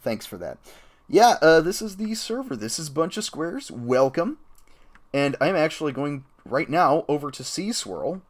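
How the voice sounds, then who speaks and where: Male streamer, casual rambling game commentary, lively up-and-down delivery, keyboard typing behind. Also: measured pace. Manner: rambling and chatty, with excited jumps in pitch.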